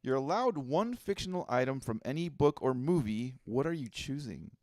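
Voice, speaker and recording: A man co-hosting a casual podcast, teasing his friend with quick questions. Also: mid-range voice, lively intonation, a little mellow, no room sound, clean studio sound. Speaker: podcast co-host. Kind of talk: casual chat.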